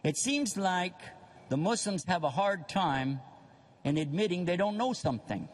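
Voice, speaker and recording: Animated high-voiced older preacher man. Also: normal speed, big-room sound. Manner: animated, acts out voices of others for humor. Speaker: Islamic preacher. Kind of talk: lively religious lecture.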